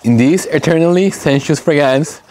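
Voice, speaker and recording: Emotional man, slightly high voice. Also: darkish tone, slight background noise. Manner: emotional, reads fragrance notes aloud slowly. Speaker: candle maker. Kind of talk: casual vlog talk.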